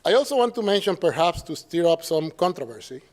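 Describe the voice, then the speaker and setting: A man's voice: on the high side, sing-song, brisk. A man with a Puerto Rican Spanish accent gives a public lecture as a professor, speaking in a conversational, wry way and often checking in with his listeners. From Puerto Rico. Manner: conversational and wry, with frequent tag questions. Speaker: professor giving a symposium talk.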